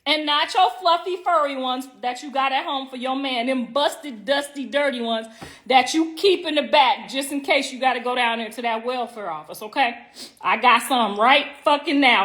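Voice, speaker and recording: A middle-aged woman livestreams casually from home on her phone, talking straight to her viewers in a brash, profane, teasing way and drawing out words for emphasis. She's the livestream host, with a high-pitched, fairly bright voice.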